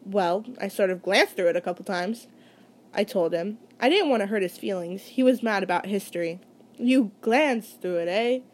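A woman's voice: mid-range voice, fairly quick. A woman reading a first-person novel aloud in a casual, conversational way, with small slips and restarts. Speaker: reader.

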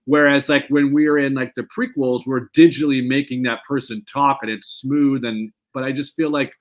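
Guy cohosting a fan podcast, rambles excitedly, swears a bunch, mid pitch. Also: normal speed. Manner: animated, rambling, swears freely. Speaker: podcast co-host. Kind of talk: casual fan chat.

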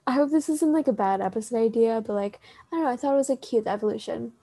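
A teenage girl hosts a casual chat in a higher, warm, mellow voice. She rambles through filler words, swears freely and laughs easily. The sound is dry and close, with no room echo. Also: fast. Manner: animated, with frequent laughter. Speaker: podcast host.

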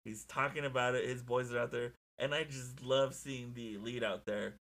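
Young male co-host, mid pitch, excitable and profane, casual chat. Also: normal speed. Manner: excitable, profane, animated storytelling. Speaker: podcast co-host.

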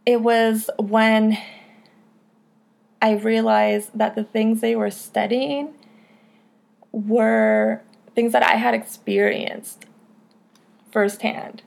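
A woman's voice: fairly high pitch, level tone, extremely slow, gravelly, pauses often, a little mellow. A young woman hosting a casual podcast, talking candidly, swearing freely and filling her speech with "like" and "you know". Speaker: podcast host.

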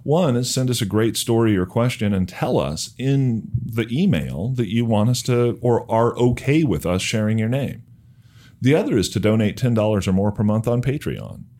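A man's voice: fairly low pitch, lively intonation, normal speed, dark tone. A man co-hosting a podcast in casual chat, joking and teasing his co-host.

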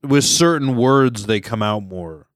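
A man's voice: medium pitch, lively intonation, unhurried, dry recording. Man, from California, casual podcast chat, filler-heavy, swears freely, dry room sound. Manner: chatty, profane, lots of fillers and asides. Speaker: podcast co-host.

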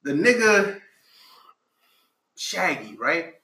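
A man co-hosting a podcast, chatting casually, animated and profane, often restarting his sentences. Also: fairly high pitch, very slow, reverberant, rough recording. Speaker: podcast co-host. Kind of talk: casual chat.

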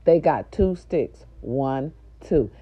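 A middle-aged woman, a nurse aide, telling viewers a story in a loud, profane, indignant rant. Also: very deep voice, expressive, slow, husky. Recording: dull lo-fi recording.

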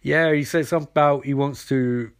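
A man's voice: medium pitch, steady tone, close to an everyday voice. A man voicing a flustered young female scientist who stumbles over names. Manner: flustered, halting.

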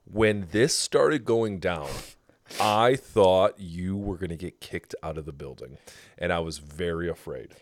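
A man's voice: sits low, unhurried, slight background noise. A man co-hosting a casual podcast who keeps cutting in to correct and dramatize the retelling. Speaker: podcast co-host. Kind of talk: casual storytelling chat.

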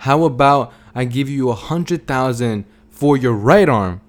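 A man voicing God as a calm, gentle and polite figure in a spoken story. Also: mid-range voice, measured pace, natural voice. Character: calm kindly male God on earth.

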